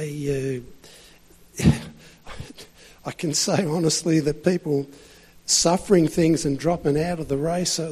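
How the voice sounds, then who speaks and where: A man's voice: on the high side, warm tone, husky, big-room sound. A man preaching a sermon in a loose, conversational way, full of fillers and restarts.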